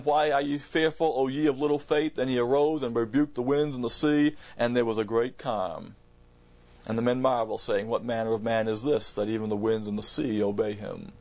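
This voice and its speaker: A man delivers a verse-by-verse Bible sermon from the pulpit. His voice sits at an ordinary middle pitch, and he presses his points with repeated words and frequent restarts. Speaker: preacher.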